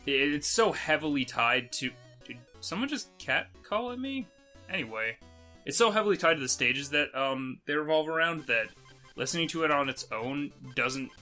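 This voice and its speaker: A man's voice: mid-range voice, sharp tone. A man hosting a let's play, giving casual gameplay commentary in a rambling way with many fillers and casual swearing.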